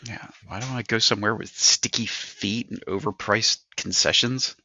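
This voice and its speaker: A middle-aged podcast co-host rants through a story in casual chat, acting out what people said. His lowish voice is steady, pushed and bright at normal speed, captured dry with no room sound on a slightly dull podcast mic.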